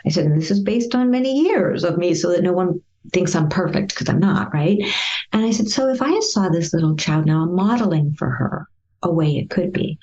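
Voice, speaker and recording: A woman therapist in an interview, telling a client's story and acting out the past conversations in a gentle, lively way. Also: lowish voice, normal speed, highs cut off. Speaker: therapist guest.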